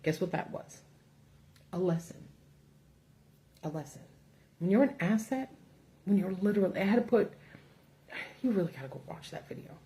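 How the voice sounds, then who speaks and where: A woman's voice: medium pitch, lively intonation, fairly quick, warm tone. A woman hosting a casual livestream, ranting bluntly with profanity from notes at home under a ring light. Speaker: political commentary host.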